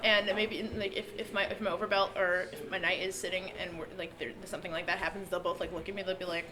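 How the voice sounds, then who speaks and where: A woman in a casual group discussion, animated and laughing often as she talks. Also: fairly low pitch, fast talker. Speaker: discussion participant. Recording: crowd chatter behind.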